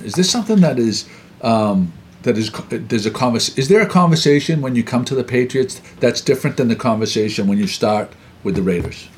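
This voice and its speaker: A man hosting an interview, asking long, halting questions with many fillers and restarts. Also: medium pitch, expressive, slight background noise. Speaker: interview host.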